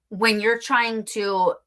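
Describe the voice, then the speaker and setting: A woman's voice: fairly high pitch, fairly bright tone. A woman hosting an interview, chatting casually with many fillers and restarts. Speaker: podcast host.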